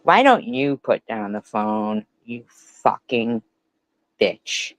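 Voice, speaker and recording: A woman's voice: very deep voice, very animated, slow pace, no echo, low-quality recording. A woman giving angry, profane reaction commentary, ranting and hurling insults back at a clip she is watching. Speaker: commentary streamer.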